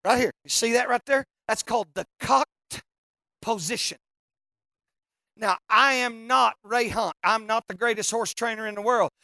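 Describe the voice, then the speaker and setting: A preacher telling a funny story in a sermon, folksy and animated, now and then breaking into shouts. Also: medium pitch, unhurried, no room sound, clean studio sound.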